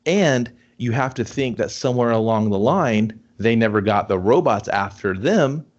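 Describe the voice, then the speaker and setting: A man's voice: medium pitch, lively intonation, moderate pace. A man co-hosting a casual movie review chat, rambling as he picks apart the plot's logic. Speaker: co-host. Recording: dull lo-fi audio.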